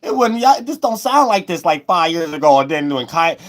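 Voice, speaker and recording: A man giving a loose, rambling spiritual astrology monologue, repeating himself and breaking into sudden loud, high shouts. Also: sing-song, fairly quick. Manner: loose, preachy, repeats "you know what I'm saying", bursts into loud high shouts.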